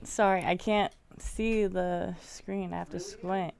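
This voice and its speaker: A woman's voice: fairly low pitch, steady tone, slow pace, gravelly, a little mellow, slight background noise. A young woman, co-hosting a podcast and chatting casually with viewers, laid-back, laughing and swearing easily. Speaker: podcast co-host. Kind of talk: casual chat with live chat.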